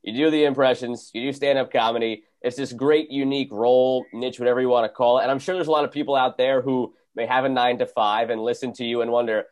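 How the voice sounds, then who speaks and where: A man's voice: medium pitch, fairly even intonation, quick pace, hardly any pauses, darkish tone. A man hosting a sports radio show, asking his guest questions in an upbeat, conversational way. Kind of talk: casual interview questions.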